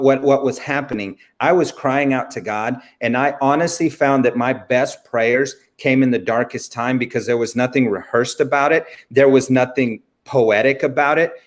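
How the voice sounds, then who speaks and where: Earnest preacherly man, speaking as a guest. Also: medium pitch. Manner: earnest, preacherly, addresses listeners as friend. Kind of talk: casual faith interview.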